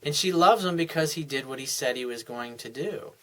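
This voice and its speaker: A man's voice: mid-range voice, a little fast. Earnest man giving relationship advice. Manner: earnest, acts out couples' dialogue in softer voices. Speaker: dating and life coach. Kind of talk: advice monologue.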